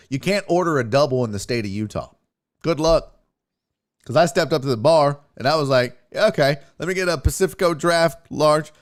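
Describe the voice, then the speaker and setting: A young man hosting his own show, telling road-trip stories in a casual, profane way and acting out what people said. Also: medium pitch. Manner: profane, animated, acts out quotes. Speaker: podcast host. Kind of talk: casual storytelling.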